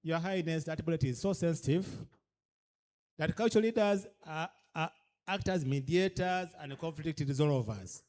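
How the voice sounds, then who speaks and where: This Ugandan-accented speaker has a voice on the high side with a darkish tone and talks at an ordinary pace. Giving a training lecture to cultural leaders, he pushes them with repeated rhetorical questions, mixing English with a local language.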